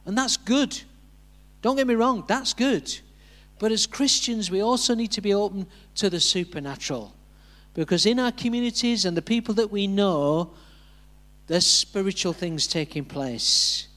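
A man's voice: high-pitched, moderate pace, a bit bright. A man preaching a sermon, telling a personal story, acting out the voices he quotes and chuckling along.

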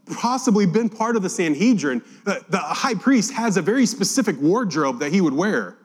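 A man's voice: high voice, darkish tone. A man preaching a Bible-teaching sermon, reading scripture aloud and acting out the quotes with animation. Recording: long hall reverb.

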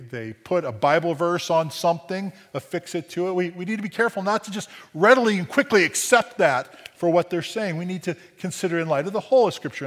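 Guy giving a sermon, slightly higher voice, chatty with lots of "right?", echoey church hall. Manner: conversational preaching with frequent "right?" asides and restarts. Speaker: pastor.

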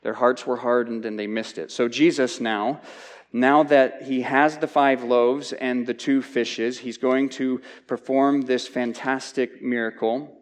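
A man's voice: mid-range voice, steady tone, measured pace. A man teaching through a Bible passage in a conversational sermon, often repeating words as he restarts his thoughts. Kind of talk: expository sermon. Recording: long hall reverb.

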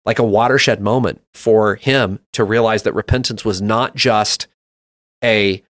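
Man, thirties, low pitch, reflective storyteller, dry sound. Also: steady tone, unhurried, fairly bright tone, dry recording. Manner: reflective storytelling, with frequent restarts. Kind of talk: casual conversation about faith.

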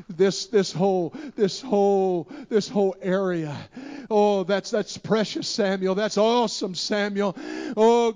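A man preaching a Pentecostal sermon in a church, impassioned and driving his points home with repeated refrains. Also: high voice. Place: church sanctuary.

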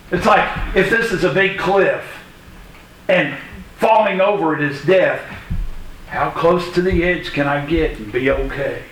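A man preaching a sermon to a congregation in a church, emphatic and deliberate, with a sarcastic edge at times. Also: a little high, a bit bright, a little hiss or hum, poor audio. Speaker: pastor. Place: church sanctuary.

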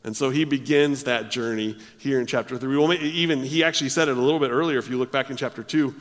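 Pastor, man, mid-pitch voice, sermon with restarts and falling volume, long reverb from the sanctuary. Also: fast. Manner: stammering restarts, swells and drops in volume.

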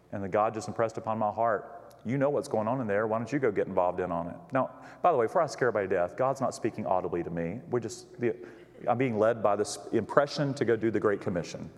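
A man's voice: on the low side, darkish tone. Folksy male pastor in an echoey hall. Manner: folksy and chatty, with repeated restarts. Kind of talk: storytelling sermon. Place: church stage.

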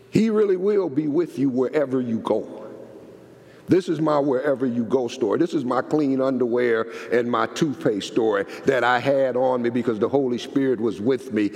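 A male pastor tells a story in a sermon, his voice rough with gravel. He talks in lively bursts, climbing and dropping in pitch and repeating words as he goes. The hall adds a long, trailing echo behind him.

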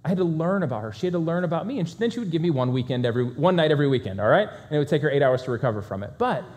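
Fast-talking energetic man speaker. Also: fairly high pitch. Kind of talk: talk to a live audience.

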